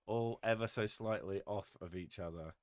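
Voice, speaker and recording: A British man chatting casually on a live stream, reading chat aloud with a joking, deadpan manner and casual swearing. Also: fairly low pitch, normal speed, no echo.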